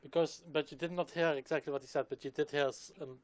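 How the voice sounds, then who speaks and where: A man running a tabletop game session, casual and hesitant, muttering quiet asides as he checks his notes. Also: fairly high pitch, fairly even intonation, quick pace. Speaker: game master.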